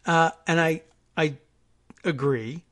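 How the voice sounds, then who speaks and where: Male radio host, fairly high voice, wry and musing, rambling monologue. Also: takes it slowly, fairly bright tone. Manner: wry, musing, conversational with frequent restarts. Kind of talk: political talk radio monologue.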